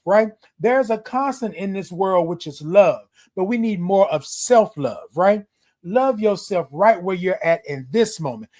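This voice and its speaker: This high-pitched, slightly mellow male voice belongs to the host of a live morning show on social media. He chats casually, calling out viewers by name with an affectionate, repetitive delivery like a preacher's.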